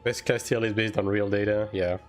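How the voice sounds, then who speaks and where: A man's voice: lowish voice, little pitch movement. Chatty male game streamer, faint music. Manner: chatty, many fillers, quick bursts. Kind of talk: casual live-stream chat, answering chat.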